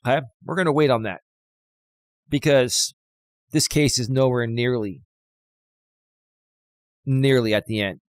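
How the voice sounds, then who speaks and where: A man's voice: mid-range voice, unhurried, pauses often, dry recording. A man hosting a livestream, ranting in a combative, taunting way and repeating himself for emphasis. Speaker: livestream host. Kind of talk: confrontational livestream rant.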